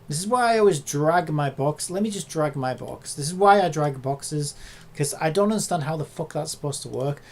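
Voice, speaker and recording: A content creator talking casually while working at a computer, muttering and swearing at the software in exasperation. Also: medium pitch, lively intonation, normal speed.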